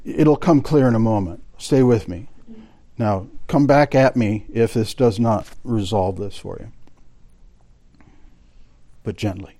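A man's voice: lowish voice, unhurried, long pauses, mellow. A man teaching a Bible study class, explaining a text and reading quotations aloud to his students. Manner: explanatory, quoting sources aloud, addressing the class directly.

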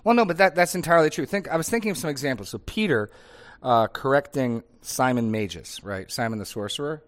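This is a middle-aged man of ordinary pitch, speaking as a pastor in a casual discussion. He thinks aloud, circling back with small restarts and tag questions. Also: expressive, a little fast.

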